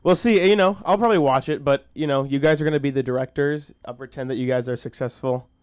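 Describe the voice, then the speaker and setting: A man's voice: medium pitch, clean tone, dry recording, studio quality. Rambling man at an open mic. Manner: rambling, halting, with frequent restarts; self-deprecating and goofy. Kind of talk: stand-up comedy and recited monologue at an open mic. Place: small comedy school stage. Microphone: handheld stage mic.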